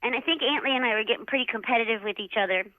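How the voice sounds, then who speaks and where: A middle-aged woman, a former jockey, telling lively stories in a casual interview and acting out quotes with lots of "like.". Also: on the high side, rapid-fire, dry recording. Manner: animated, acts out quotes in a raised voice, many "like"s. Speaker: retired jockey, interview guest. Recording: dull, dry lo-fi sound.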